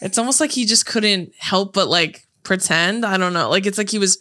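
Chatty woman podcaster, bright voice, quick casual talk. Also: mid-range voice. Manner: chatty, quick, laughing asides. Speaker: podcast co-host. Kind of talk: casual chat.

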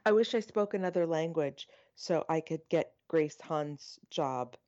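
Podcast co-host, woman, very low voice, animated, slightly dull recording. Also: a little slow. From United States. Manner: animated, self-deprecating, opinionated. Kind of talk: casual chat.

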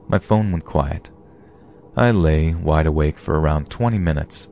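Male podcast narrator with a low voice, reading horror stories steadily. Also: unhurried, mellow, slight background noise. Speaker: podcast host and story narrator.

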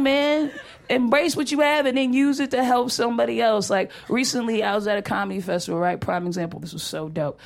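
A woman doing stand-up comedy on a live stage, with a mid-range voice. Her delivery is brash and full of profanity, loose and conversational, as if chatting with the crowd. She tells her stories with blunt, offhand confidence. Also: mid-range voice.

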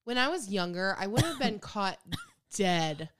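A woman co-hosting a podcast in casual chat, relaxed and teasing, laughing easily. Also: mid-range voice, takes it slowly. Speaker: podcast co-host.

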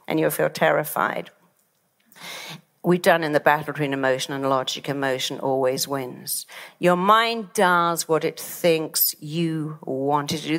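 A middle-aged woman, a therapist giving a lively motivational talk and acting out quoted voices. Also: fairly low pitch. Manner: animated, acts out quoted voices. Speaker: therapist and speaker.

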